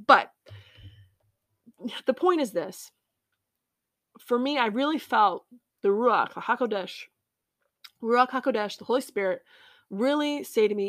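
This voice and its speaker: A woman hosting a podcast, sharing a personal faith reflection in an earnest, heartfelt way, with pauses and fillers. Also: fairly high pitch, a bit bright, no echo, studio quality. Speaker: podcast host.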